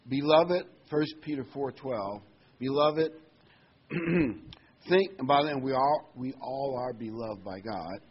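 A man preaching a sermon to his church in an emphatic way, slowing down on key phrases and stressing single words. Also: medium pitch, husky, highs cut off. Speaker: pastor.

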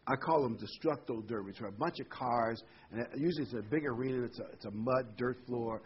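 A man's voice: medium pitch, slightly rough, dull audio. A man preaching a folksy, rambling sermon full of homely examples and corny jokes.

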